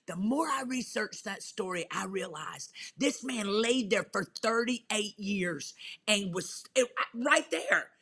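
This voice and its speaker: A woman's voice: medium pitch, vocal fry, bright, forceful tone. A woman pastor, a guest, sharing her testimony in a fervent, emphatic preaching style with folksy slang.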